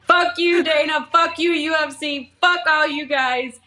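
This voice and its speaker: A woman's voice: high voice, steady tone, unhurried, pushed and bright, a little hiss or hum. A woman playing a brash, trash-talking male fighter cutting a profane post-fight promo. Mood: defiant. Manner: profane, defiant, swaggering. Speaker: show regular doing an improv promo.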